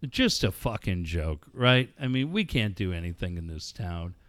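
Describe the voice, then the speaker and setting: A man hosting a casual talk show, talking in a lively way, swearing and ranting. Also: low voice, normal speed, no echo. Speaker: host. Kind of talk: casual radio chat.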